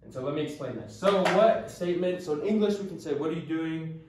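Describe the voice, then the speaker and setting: A man's voice: fairly high pitch, quick pace, noisy background. Man teaching in an echoey room. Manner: relaxed, explains with many ums and restarts. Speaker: language teacher. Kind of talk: casual language lesson. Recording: echoey room, mic at a distance.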